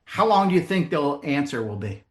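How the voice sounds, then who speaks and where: A man's voice: a little high, big pitch swings. A middle-aged man presenting a sales seminar to a live audience, telling comic stories and asking the room questions. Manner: storytelling with comic voices and quick asides.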